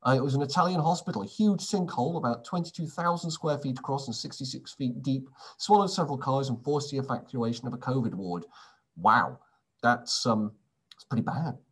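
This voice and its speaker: A man's voice: mid-range voice, fairly quick, slightly rough. A man reading through quiz answers in a casual way, adding wry, sarcastic asides between questions. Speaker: quiz presenter.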